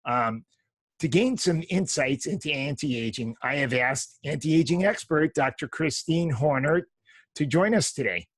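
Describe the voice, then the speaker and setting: A man's voice: a little high, expressive, a little slow, no echo. A man in his fifties, a chiropractor hosting an interview podcast, who reads a formal guest introduction with the odd filler. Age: 50s.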